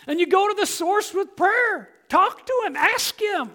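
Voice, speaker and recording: A man's voice: very high voice, expressive, a little slow, pushed and bright. A man preaching a sermon as pastor, emphatic and direct, speaking straight to his congregation with one rhetorical question after another.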